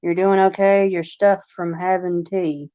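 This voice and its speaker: In a casual livestream, a woman with a Long Island accent rambles along, her talk full of fillers. Her voice is on the low side with a level tone and a slightly slow pace; the lo-fi recording is dry, slightly dull, and lacks room sound.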